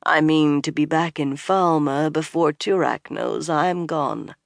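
Narrator doing a cold high-born lady with a slurred drawl, slow and low and hushed, very close and dry with no room sound. Her voice stays level and commanding throughout. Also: vocal fry, no echo.

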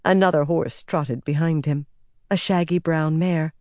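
Measured male audiobook narrator, dry sound. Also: fairly high pitch, steady tone, a little mellow, dry recording. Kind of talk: scripted fantasy narration.

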